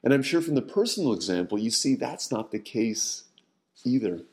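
Guy preaching a short devotional, earnest, stretches out words and goes quiet on the big lines. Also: medium pitch, sing-song. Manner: earnest, slows and drops his voice at key points; repeats words when starting phrases. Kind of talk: Bible reading and devotional sermon.

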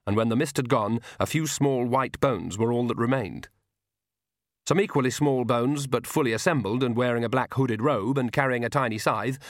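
A male audiobook narrator reading a comic fantasy novel in a measured, steady storytelling voice. His pitch is an ordinary middle range, and the recording is dry and close with no room sound. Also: dry recording. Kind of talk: scripted narration.

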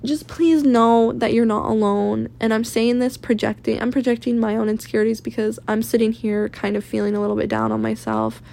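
A woman's voice: a little high, steady tone, brisk, creaky, hardly any pauses, warm tone. A woman in her twenties from Maine, venting candidly in a blunt, profane, rambling personal vlog. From Maine, USA. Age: 20s. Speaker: vlogger. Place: rented room at home.

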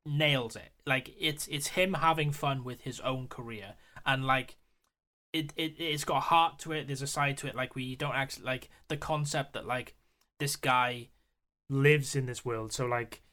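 A man co-hosting a podcast, excitably retelling film scenes with lots of swearing and laughter. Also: medium pitch, a little slow. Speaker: podcast co-host. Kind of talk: casual chat.

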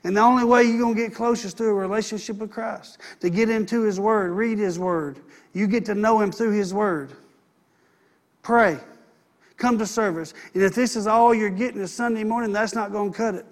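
A man's voice: high-pitched, steady tone, normal speed. A man preaching a sermon as pastor, earnest and repeating phrases for emphasis.

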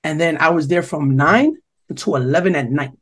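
A man's voice: fairly high pitch, animated, moderate pace, a bit bright, husky. A young man from New Jersey, co-hosting a podcast, telling a long, profane story in casual chat and quoting other people's lines. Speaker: podcast co-host.

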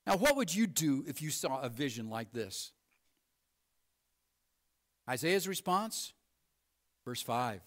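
A male pastor delivering a sermon in a notably high voice. He leans hard into emphasis, then drops to a hushed, quiet delivery, keeping an earnest preaching cadence throughout. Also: big pitch swings, slow pace, pauses often. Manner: emphatic, shifts between ringing emphasis and hushed low delivery.

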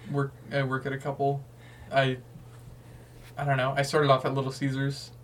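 Young male co-host, mid pitch, low-key mumbly delivery, a little distant from the mic, light hiss. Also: completely flat delivery, normal speed. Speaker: podcast co-host. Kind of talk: casual chat.

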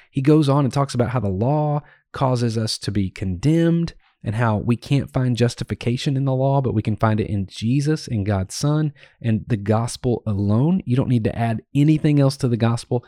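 A man's voice: mid-range voice, moderate pace, hardly any pauses, dark tone, no room sound, studio quality. A man hosting a Bible teaching podcast, explaining and paraphrasing verses in an earnest, conversational way. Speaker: podcast host teaching scripture.

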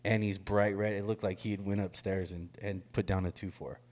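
A middle-aged man telling a story in casual chat, animated, laughing often and swearing freely. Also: sits low, a little fast.

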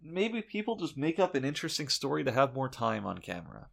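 Gravelly, bright-voiced man ranting. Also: mid-range voice, sing-song, quick pace. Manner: mock-indignant, swears freely. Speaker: podcast co-host. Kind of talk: comedic in-character podcast chat.

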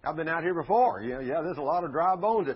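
A man's voice: fairly high pitch, animated, a little fast, slightly rough, dull audio, voice pushed up. A man acting out a humble prophet answering God in an earnest, pleading way. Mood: awed.

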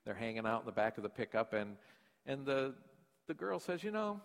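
An older pastor preaches a chatty, folksy sermon and keeps checking in with his listeners. His mid-pitched voice carries through a church sanctuary with a long reverb. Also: lively intonation, a little fast, gravelly. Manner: storytelling, folksy, asks the congregation questions. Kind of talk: conversational sermon.

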